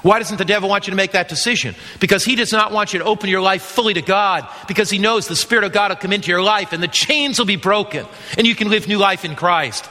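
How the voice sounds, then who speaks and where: A man preaches with emphasis, putting questions to his congregation and driving each point home. His voice sits high and rings bright and forceful. It echoes with the long reverb of a large hall. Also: quick pace, hardly any pauses. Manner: emphatic, asks the audience questions. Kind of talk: evangelistic sermon.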